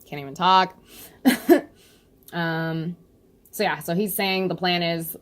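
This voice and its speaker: Brief: a lively woman reviewer, chatty and giggly, reacting to a comic chapter in a casual, unfiltered way. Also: on the low side, slow pace, pauses often. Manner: chatty and animated, laughs often, swears casually.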